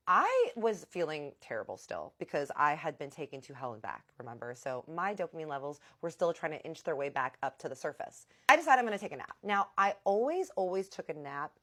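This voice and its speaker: A young adult woman telling a personal story in a chatty, animated way, acting out what people said. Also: low voice, brisk, hardly any pauses. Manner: chatty, animated retelling with acted-out quotes. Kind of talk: casual storytime vlog.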